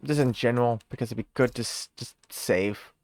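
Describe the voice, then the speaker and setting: A game streamer chats casually on a live stream, reading in-game text aloud, thinking out loud, and laughing easily. The voice is medium in pitch and brisk, with no room sound.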